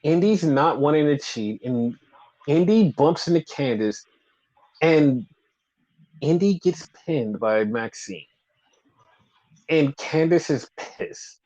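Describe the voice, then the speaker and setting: A man's voice: a little high, expressive, takes it slowly, pauses often, a little mellow. A man co-hosting a casual chat, rambling with lots of fillers and acting out quotes. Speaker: podcast co-host. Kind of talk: casual chat recapping wrestling. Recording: slightly dull lo-fi audio.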